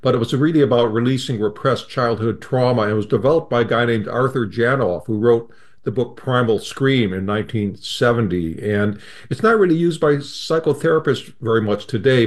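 A man hosting an interview, asking questions and explaining background to the audience in a steady way. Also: mid-range voice. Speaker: interview host. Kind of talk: conversational interview.

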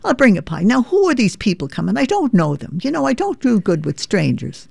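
A woman's voice: a little high, very animated, brisk, creaky, darkish tone, slightly rough, no room sound, studio quality, voice pushed up, heavily acted. A woman voicing an older Irish immigrant mother and widow who frets, hesitates and is shy of strangers, with an Irish accent. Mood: fretful. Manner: hesitant, fretful, repeats herself.

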